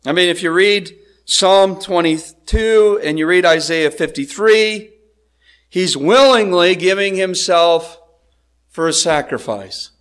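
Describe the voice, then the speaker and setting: Male pastor with a high voice, preaching in an easy, chatty way that keeps drawing the congregation in. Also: slow pace, a bit bright. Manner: conversational, asks the congregation "right?". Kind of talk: expository sermon.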